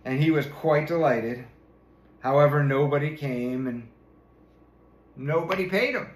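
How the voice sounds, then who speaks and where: A man's voice: fairly high pitch, a little slow. A man reading a fairy tale aloud, chuckling now and then as he narrates. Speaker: storyteller. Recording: roomy echo.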